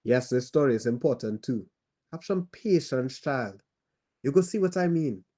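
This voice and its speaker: A man with a Trinidadian accent playing a weary male survivor who tells a child about the war in a grave, halting monologue. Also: medium pitch, expressive, mellow, close to an everyday voice. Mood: somber. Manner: halting, grave, pauses and restarts. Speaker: storyteller. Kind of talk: dramatic monologue.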